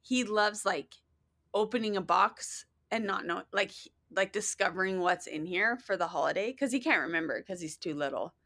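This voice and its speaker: She has a bright, crisp voice at a medium pitch for a woman. She co-hosts a relaxed chat and wanders through her stories with plenty of "like"s. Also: moderate pace. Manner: rambling, filler-heavy storytelling. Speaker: podcast co-host. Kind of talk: casual chat.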